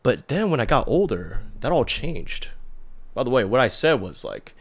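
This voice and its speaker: A man's voice: mid-range voice, big pitch swings, moderate pace. A man in his thirties tells a personal story in a rambling, casual way, full of "like" and "um". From United States. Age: 30s. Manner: rambling, lots of "like" and "um". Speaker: podcast host.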